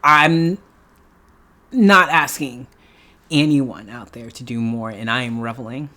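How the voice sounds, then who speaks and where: A woman's voice: extremely low pitch, slow, bright, forceful tone. A middle-aged woman from New York talking casually in a vlog, chatty and emphatic, laughing often and repeating herself for effect. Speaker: beauty YouTuber.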